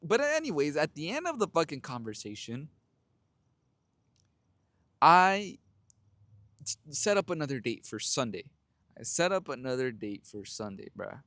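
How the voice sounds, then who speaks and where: A man's voice: a little high, sing-song, a little slow, pauses often, fairly bright tone, no echo. Blunt, profane young man telling a story. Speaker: podcast host. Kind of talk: casual monologue.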